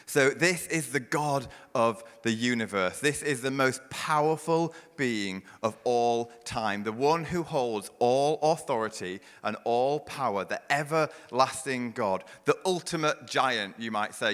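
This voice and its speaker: A man preaching a sermon as pastor, building to loud, forceful passages and then dropping to a hushed near-whisper. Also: mid-range voice, unhurried, hardly any pauses, clean tone, long reverb tail. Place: church.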